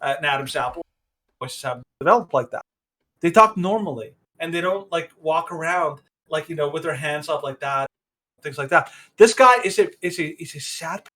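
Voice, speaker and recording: A man with a high, bright voice hosts a podcast in casual commentary. He rambles through opinions and often restarts his sentences. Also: animated, normal speed. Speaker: podcast host.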